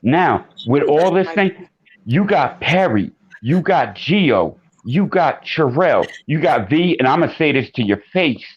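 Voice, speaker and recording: A man's voice: on the high side, big pitch swings, unhurried, breathy edge. Emphatic man calling in, lo-fi line. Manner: earnest, emphatic, gets loud. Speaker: caller. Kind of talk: casual call-in chat.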